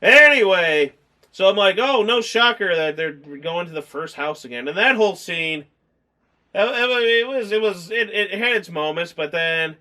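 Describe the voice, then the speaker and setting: High, bright-voiced excitable man. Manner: animated, acts out scenes in quick character voices; rambling, full of fillers. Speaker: movie review host. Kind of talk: casual movie review chat.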